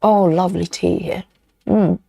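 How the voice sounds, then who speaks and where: A woman's voice: fairly low pitch, steady tone, a little slow, vocal fry, dark tone. A woman hosting a casual live stream, chatting and reading viewer comments aloud as she goes.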